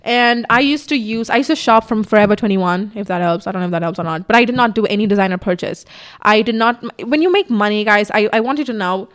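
Talking fast at a medium pitch, a young woman hosts a casual podcast where she tells her own story in a candid, chatty manner. Freely swearing, she mimics herself in quotes, recorded by a camera on a tripod in front of her.

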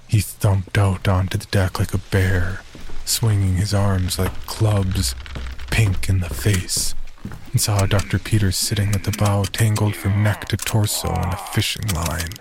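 A man giving scripted narration of a horror story in a measured, even way. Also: on the low side, background noise. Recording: narration over loud music.

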